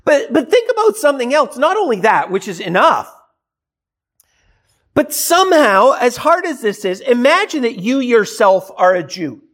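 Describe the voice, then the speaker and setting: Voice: mid-range voice, big pitch swings, moderate pace, fairly bright tone. A preacher delivering a sermon in a conversational way, asking the listeners rhetorical questions and now and then acting out what people might say.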